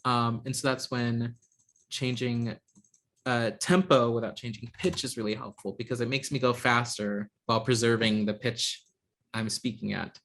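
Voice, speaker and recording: A man leads an online software class from a video call mic. His talk is hesitant, with frequent ums and false starts, and sits at an ordinary middle pitch. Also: steady tone, moderate pace. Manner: hesitant, lots of ums and restarts. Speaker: instructor.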